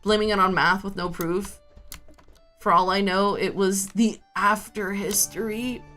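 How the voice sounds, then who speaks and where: A woman livestreamer chats casually with her viewers while gaming, rambling from topic to topic and talking to chat. Her mid-range voice is steady yet sharp, slow with long pauses, over faint background music.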